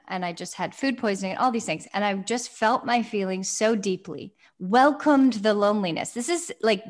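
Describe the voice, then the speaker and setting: A young adult woman co-hosting a podcast, talking in an effusive, emphatic casual chat and repeating phrases for stress. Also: medium pitch. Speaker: podcast co-host.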